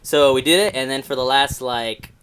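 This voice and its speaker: A man's voice: medium pitch, normal speed, a bit bright, smooth. A man in his twenties rambling through stories in casual podcast chat, full of restarts and fillers, swearing freely. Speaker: podcast co-host.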